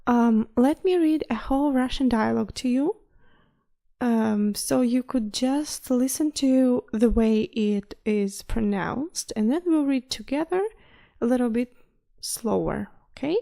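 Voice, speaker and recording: A woman teaching a language lesson online, patiently pausing so the listener can repeat. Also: a little high, creaky, dark tone.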